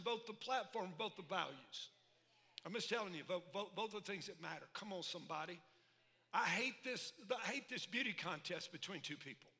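A pastor preaches in a big hall, his voice high and bright as it rings back off the walls. He talks in a folksy, animated way, with call-and-response asides to the crowd. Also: moderate pace, gravelly. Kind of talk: sermon. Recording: echoey hall reverb.

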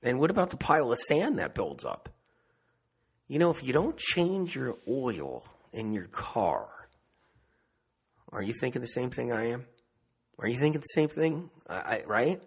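This medium speaks in a husky, medium-pitched voice, very animated yet measured, pausing often. His monologue is casual and meandering, full of repetition and rhetorical questions.

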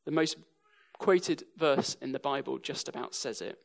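A man's voice: mid-range voice, measured pace, vocal fry. A young English man preaching a sermon, telling stories with a dry sense of humour. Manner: dry humour woven into storytelling.

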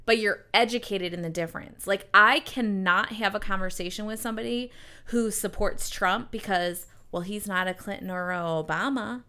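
A woman's voice: medium pitch, moderate pace, sharp tone, clean tone. A young woman guest on a podcast, chatting candidly and animatedly, acting out quoted talk. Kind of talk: casual chat.

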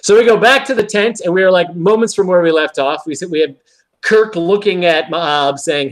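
A man's voice: high voice, normal speed. A man co-hosting a podcast, casually recapping an episode and acting out quoted lines. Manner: animated retelling with quoted lines. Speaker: podcast co-host.

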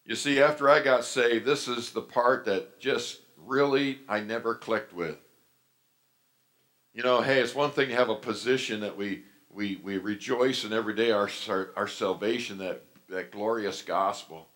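A man's voice: on the low side, moderate pace, fairly bright tone. A middle-aged man preaching a sermon as pastor, telling stories animatedly and acting out the voices he quotes.

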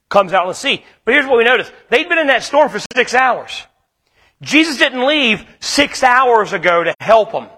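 A man's voice: very high voice, sharp tone, big-room sound. A male pastor preaching a sermon in a casual, conversational way, acting out little asides.

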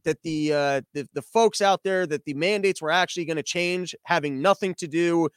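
A man's voice: a little high, normal speed, smooth, no room sound. A man hosting a comedic news show from his living room, ranting sarcastically with lots of swearing and exasperated rhetorical questions.

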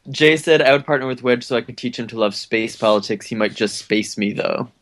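A man's voice: mid-range voice, brisk, fairly bright tone. A man co-hosting a podcast, reading listener answers aloud with a ready laugh in casual chat. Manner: laughs often, amused. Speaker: podcast co-host.

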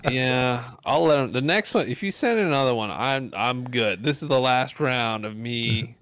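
Male co-host, fairly high and very lively voice, dry close sound, theatrical mock outrage. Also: normal speed, clear, resonant tone, no echo. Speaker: podcast co-host. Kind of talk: casual gaming podcast chat.

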